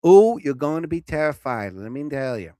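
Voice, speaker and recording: Flirty show-off ancient dark god guy, teasing and playful, bouncy voice, dry close sound, a streamer doing a bit. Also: on the high side, sing-song, moderate pace, no room sound.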